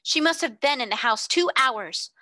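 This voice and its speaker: Casting: a woman doing a prim, indignant headmistress from a storybook, high, bright and sharp-edged, in a dry close recording. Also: animated, normal speed, no room sound. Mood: haughty. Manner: haughty, rigidly polite, shrill when shocked. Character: stern, indignant middle-aged schoolmistress. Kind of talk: audiobook character reading.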